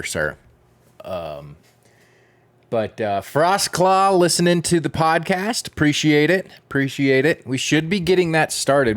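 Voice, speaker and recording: An unhurried male streamer talks his viewers through a retro game session in a loose, rambling way. His pitch rises and falls freely, and he chuckles now and then as he chats. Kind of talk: casual gameplay chat.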